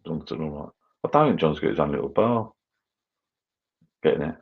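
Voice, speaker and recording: A middle-aged livestream host with a rumbling low, gravelly voice and lively intonation rambles at a moderate pace, mumbling as he reads comments during a casual chat over drinks. He's in a garden bar shed at home, and the sound is phone-quality.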